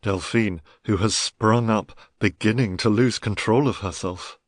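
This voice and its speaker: A narrator reading stage directions in a play reading with a plain, even delivery. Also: medium pitch, measured pace, dry recording, studio quality.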